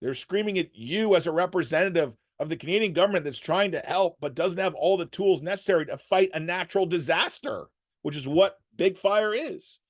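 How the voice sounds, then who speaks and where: A man's voice: sits high, brisk. A man giving advice to emergency workers, telling stories and acting out the people in them. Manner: animated, acts out quotes in story. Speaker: guest speaker on resilience. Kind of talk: storytelling advice talk.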